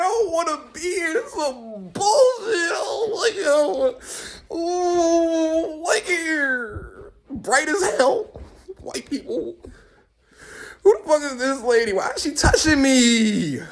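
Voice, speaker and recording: Bewildered cursing newborn boy, very high squeaky voice, whiny crying, shouting in disbelief, as a man puts him on. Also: exaggerated voice. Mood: crying outraged.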